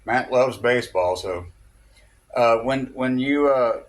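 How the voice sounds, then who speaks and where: A man's voice: medium pitch, takes it slowly. A man telling a rambling personal story, chuckling often and checking in with "okay?". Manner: chuckling, loose and digressive, peppered with "okay?" and "uh".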